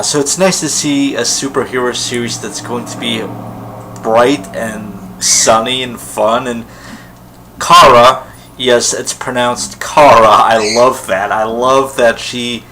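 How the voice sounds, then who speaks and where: A man with a bright, forceful voice speaks slowly and unhurriedly to camera in a casual vlog. He rambles with enthusiasm, full of ums and restarts. A faint hum sits behind him. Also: mid-range voice, steady tone, low-quality recording. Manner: rambling, enthusiastic fan talk with many fillers. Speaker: vlogger. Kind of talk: casual solo vlog commentary.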